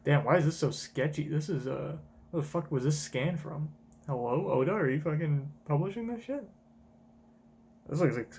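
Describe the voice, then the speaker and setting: A man's voice: a little high, darkish tone, a little hiss or hum. A man reacting live to a manga chapter as a streamer, blunt and swearing often.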